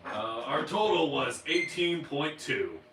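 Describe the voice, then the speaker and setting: Bright-voiced man on a live stream. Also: fairly high pitch, animated, slow pace. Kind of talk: casual live-stream chat. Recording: echoey room, mic at a distance, faint noise.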